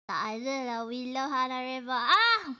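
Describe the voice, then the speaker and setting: A woman's voice: sits high, animated, a little slow, sharp tone. A Malaysian woman livestreaming, chatting playfully and laughing often, mixing in English. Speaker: streamer. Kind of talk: casual livestream chat.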